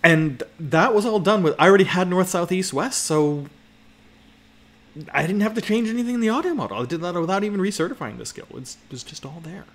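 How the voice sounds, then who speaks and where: A man's voice: high voice, animated, a little fast, fairly bright tone. A man giving a conference talk in a loose, rambling way, with many restarts and frequent checks with the audience. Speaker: presenter.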